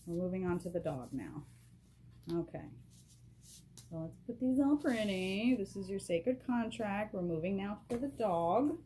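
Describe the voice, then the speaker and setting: A woman giving a casual spiritual card reading at a table, excitable and emotional, laughing often and speaking straight to the viewer through a camera propped on a box. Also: mid-range voice, slight background noise. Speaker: vlogger doing a card reading. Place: at a table indoors.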